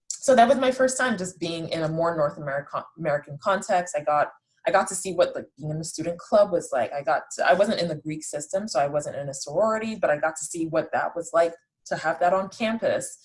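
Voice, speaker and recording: A woman's voice: deep voice, poor audio. A woman in her late twenties hosting a podcast, chatting casually about her own life in a self-deprecating way and often restarting sentences. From raised in the Netherlands. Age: late 20s. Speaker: podcast host. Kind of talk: casual personal storytelling.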